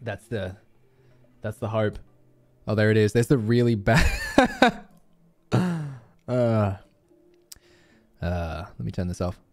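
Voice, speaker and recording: A man chatting to his viewers during a live game stream, animated and swearing freely. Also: fairly low pitch, slow, pauses often. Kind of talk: live gameplay stream chat.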